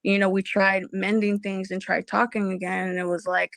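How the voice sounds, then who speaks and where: A woman's voice: mid-range voice, flat delivery, moderate pace, vocal fry, a bit bright, no echo. A woman guest rambling through a story in casual chat, often quoting what others said. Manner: rambling, repeats herself, quotes others.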